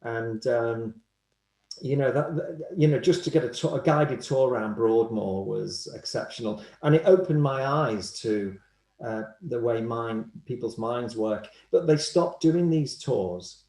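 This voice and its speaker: Man, animated anecdotal storyteller, roomy echoey sound. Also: mid-range voice, a little slow. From Liverpool, England. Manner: animated storyteller, acts out quoted voices. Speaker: guest, hypnotherapist.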